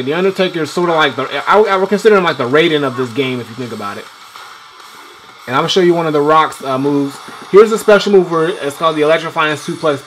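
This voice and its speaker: A man's voice: on the high side, a bit bright, a little hiss or hum. A man giving loose, rambling gameplay commentary as a game reviewer, swearing freely while he plays.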